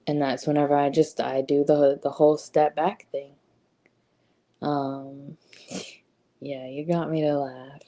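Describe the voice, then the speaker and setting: A woman's voice: deep voice, dark tone. A woman giving a casual motivational talk, conversational, with frequent ums and rhetorical "right?" questions. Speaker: host.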